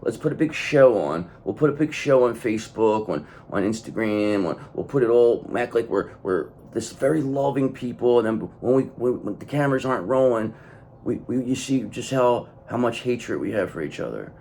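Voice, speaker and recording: A man's voice: mid-range voice, animated, normal speed, a little mellow, a little hiss or hum. A man giving a blunt, profane tarot reading to his viewers, hammering points home by repeating the same phrase. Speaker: tarot reader.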